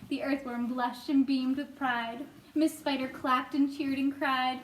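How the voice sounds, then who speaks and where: A woman reading a children's book aloud at storytime, playful and animated, laughing now and then. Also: sits high, measured pace, few pauses. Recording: echoey room with faint ambient noise.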